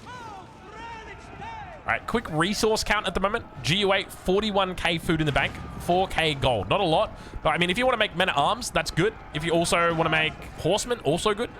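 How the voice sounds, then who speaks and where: A man with an Australian accent casting a strategy game, excitable and chatting to the players, his voice jumping up when surprised. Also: high-pitched, a little fast, a little hiss or hum. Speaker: game caster.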